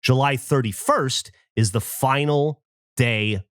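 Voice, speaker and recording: A man's voice: mid-range voice, takes it slowly, a bit bright, clean tone, dry recording, clean studio sound. A man in his thirties hosting a podcast, telling a story in casual chat and acting out the voices of the people in it. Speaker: podcast host.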